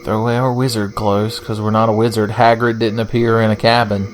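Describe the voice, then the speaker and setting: A man's voice: on the low side, little pitch movement, brisk, slight background noise. A young man giving casual, profane, joking let's-play commentary as he plays a game. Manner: profane, joking, rambling asides. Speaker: gaming channel host.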